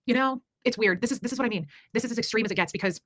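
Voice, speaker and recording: Rapid-fire chatty woman livestreamer. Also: a little high, a bit bright, no room sound. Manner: rambling, emphatic, swears freely. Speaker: livestream host reading super chats. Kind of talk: casual livestream chat.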